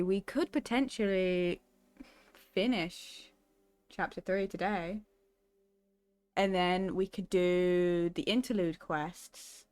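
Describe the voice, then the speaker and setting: A woman's voice: lowish voice, clean tone. A woman streaming a video game, chatting casually and giggling as she thinks aloud into a desk microphone. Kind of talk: casual gaming stream commentary.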